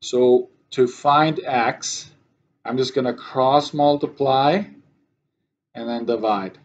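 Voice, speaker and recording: A man's voice: mid-range voice, steady tone, slow pace. Man, math teacher, classroom lesson, keeps asking "right?", dull lo-fi sound. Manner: checks in often with students.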